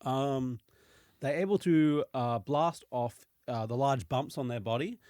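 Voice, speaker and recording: A man hosts a relaxed podcast, reading his notes with frequent ums and easy laughter. His voice sits at a middle pitch. The recording is dry and close. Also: unhurried, dry recording. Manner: reads notes with many fillers, laughs easily. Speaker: podcast host presenting dragon lore. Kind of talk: casual podcast chat.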